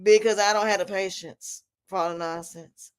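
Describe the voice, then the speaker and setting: A woman's voice: medium pitch, steady tone, normal speed, smooth. A woman talking casually to camera as a vlogger and life coach, defiant and emphatic, repeating herself and laughing often.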